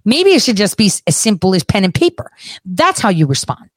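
A woman's voice: mid-range voice, sing-song, a little fast, no echo. Emphatic, combative woman commentator. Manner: emphatic and combative, repeats points, addresses her audience. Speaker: political commentator. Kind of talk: reading an interview aloud and commenting on it.

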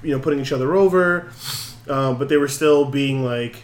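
Animated man recapping wrestling, echoey room. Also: medium pitch, moderate pace. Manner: animated, acts out quotes with laughs. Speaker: podcast co-host. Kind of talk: casual chat recapping wrestling.

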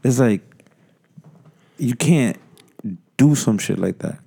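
A man's voice: medium pitch, expressive, slow pace, creaky, mellow, husky. A man co-hosting a podcast, ranting in casual chat, rambling, profane and emphatic. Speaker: podcast co-host.

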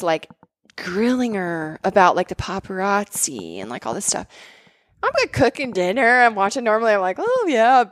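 A woman's voice: mid-range voice, dry recording. A woman in casual conversation, telling stories animatedly with lots of fillers. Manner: animated storytelling with many fillers.

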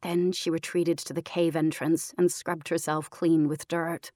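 A woman narrating a story in a calm, measured way, her voice sitting a little low. She reads evenly on a close mic. The sound is dry with no room around it. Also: dry recording. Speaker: audiobook narrator. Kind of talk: scripted narration.

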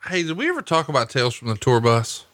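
Male podcast host, bright and forceful tone, dry studio sound, reads mail and plugs. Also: medium pitch, huge pitch swings, no room sound. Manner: reads listener mail and plugs, reacts with quick questions. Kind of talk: casual podcast chat.

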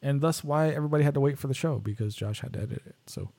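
A man's voice: medium pitch, very fast, dark tone. Laughing, joking male podcast co-host. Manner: laughs often, loose and joking. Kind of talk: casual chat.

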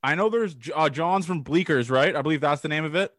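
A man's voice: a little high, fast, fairly bright tone. A young man from Toronto hosting a casual chat, enthusiastic and prone to big, sweary praise. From Toronto, Canada. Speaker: podcast host.

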